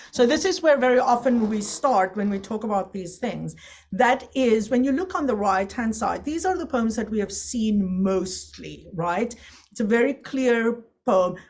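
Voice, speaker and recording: A woman teaching an online opera lesson, explaining with quick asides and breaking into sung and recited Italian examples. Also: medium pitch, darkish tone.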